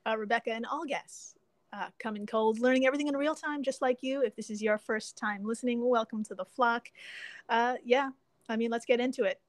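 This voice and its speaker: A woman hosting a casual podcast, excitable and swearing casually, laughing often. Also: fairly high pitch, brisk, dry recording. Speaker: podcast host.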